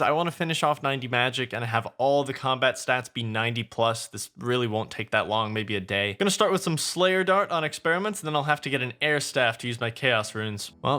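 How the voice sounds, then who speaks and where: A young man giving chatty, excitable gameplay commentary to his viewers as a video creator. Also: medium pitch.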